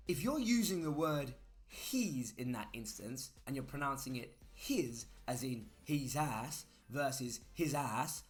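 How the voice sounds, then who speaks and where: A man teaching grammar in a chatty way, spelling words out letter by letter. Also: mid-range voice. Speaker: English teacher. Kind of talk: grammar lesson.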